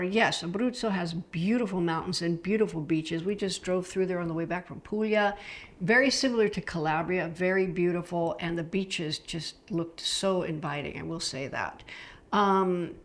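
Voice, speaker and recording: A middle-aged woman from the United States chatting casually about travel, enthusiastic and loose, with frequent fillers. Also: on the low side. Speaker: travel vlogger.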